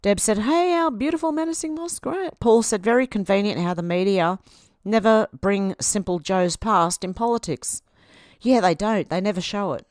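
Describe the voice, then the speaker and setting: A woman's voice: mid-range voice, normal speed, a little mellow, dry recording, clean studio sound. An Australian woman in her fifties hosting a casual livestream, reading viewer comments aloud and chatting back to them. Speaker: livestream host.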